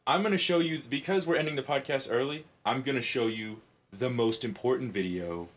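A man hosting a podcast in casual chat, telling stories in an excitable, profane way. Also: mid-range voice, fairly quick. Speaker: podcast host.

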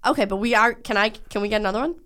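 A woman's voice: medium pitch, racing, fairly bright tone. A woman co-hosting a podcast in casual chat, slightly tipsy, rambling with lots of fillers and crude jokes.

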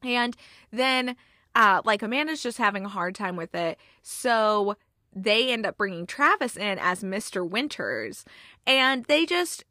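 Chatty young woman reviewer, bright crisp voice, dry close sound, lots of "like" and "um". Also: medium pitch, lively intonation, unhurried, no room sound. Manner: chatty, filler-heavy, emotional. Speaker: movie reviewer. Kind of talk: casual movie recap.

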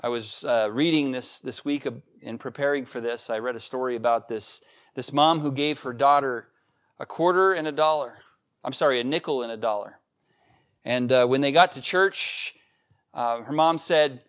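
A man's voice: mid-range voice, normal speed, a bit bright. A man preaching a sermon as pastor, talking casually to the congregation and growing emphatic when he reads scripture. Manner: conversational preaching, rising to emphatic scripture reading.

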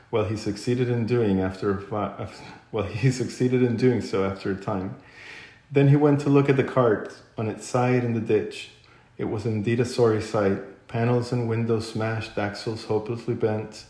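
A man narrating a children's classic aloud, unhurried, with occasional slips and throat-clearing. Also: medium pitch, a little mellow. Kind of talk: storybook reading aloud. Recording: echoey room.

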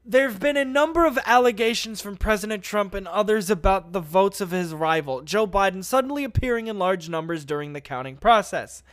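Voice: mid-range voice, lively intonation, fairly quick, hardly any pauses, no room sound, clean studio sound. Brief: online commentator, casual, profane, mid-range voice, reads news and riffs on it. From United States. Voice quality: swearing, laughs at own jokes, easily loses composure.

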